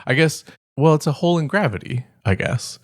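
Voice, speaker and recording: Speaking briskly and expressively, this male co-host has a fairly high-pitched voice as he rambles through a casual podcast chat full of fillers and false starts. There's no echo, and the audio is studio quality.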